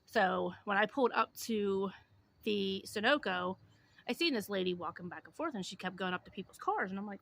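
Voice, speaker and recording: A woman YouTuber casually telling a story to the camera, chatty and animated, with lots of "like" and "um". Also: medium pitch, fairly quick, vocal fry, a little hiss or hum.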